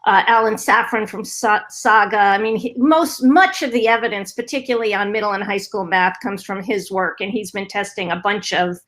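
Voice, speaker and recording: A woman's voice: medium pitch, moderate pace, hardly any pauses, a bit bright. A woman speaking on a panel about tutoring research, explaining fluently with a few fillers. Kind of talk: panel discussion.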